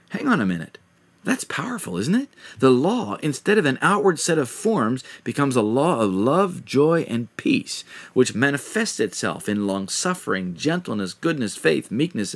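Man preaching a sermon. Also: mid-range voice. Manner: reads scripture aloud, asks the listener questions.

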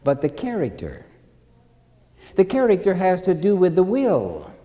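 A man preaching a sermon with slow, deliberate delivery, repeating key phrases and acting out stories. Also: high-pitched, wildly swooping pitch, warm tone, big-room sound, muffled recording.

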